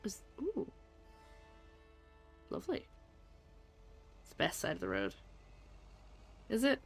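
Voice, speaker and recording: A woman's voice: medium pitch, wildly swooping pitch, slow, vocal fry. A woman casually chatting with her viewers as she plays a game, joking at her own expense. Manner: chatty, self-mocking, talks to chat while playing. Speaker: streamer. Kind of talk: casual let's-play commentary. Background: faint game music.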